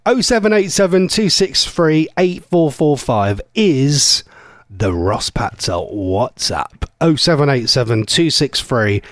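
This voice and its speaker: A man's voice: medium pitch, expressive, takes it slowly, dry recording. Bouncy chatty radio guy, voice jumps all over, dry close studio sound. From England. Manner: chatty, rambling, self-mocking. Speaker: radio host. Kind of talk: casual radio chat. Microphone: studio mic.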